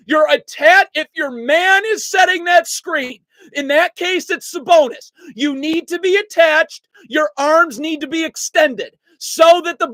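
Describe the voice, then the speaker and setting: A basketball analyst giving an angry, exasperated play-by-play breakdown of game film, shouting and cursing, at times breaking into helpless laughter. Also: very high-pitched, dry recording.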